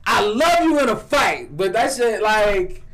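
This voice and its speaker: A man with a Chicago accent in casual chat, telling stories in a profane, animated way with lots of restarts. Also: high-pitched, measured pace.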